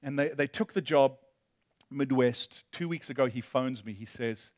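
A male pastor preaching a sermon, impassioned, moving between loud emphasis and hushed storytelling. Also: medium pitch, moderate pace, no room sound.

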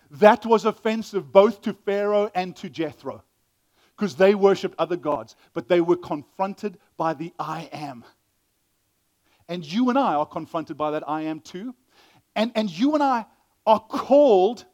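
High-voiced guy preaching, gets loud then goes real soft and tender. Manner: dramatic swings from loud exclamations to hushed, tender asides. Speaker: pastor. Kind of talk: sermon.

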